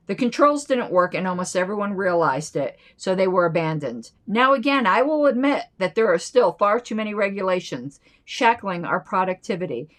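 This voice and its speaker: Woman host, reads old text aloud, chatty asides, animated delivery. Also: fairly low pitch. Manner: chatty and playful, drifting into side remarks. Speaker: political commentary channel host. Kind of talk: reading an old newsletter aloud with casual asides.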